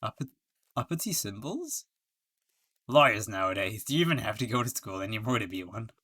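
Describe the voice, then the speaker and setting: A man's voice: lowish voice, big pitch swings, a little fast, bright, forceful tone, pitched below the performer's own voice, exaggerated voice. A man voicing a washed-up, self-pitying male clown who laughs at his own jokes, reading a game aloud. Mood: indignant.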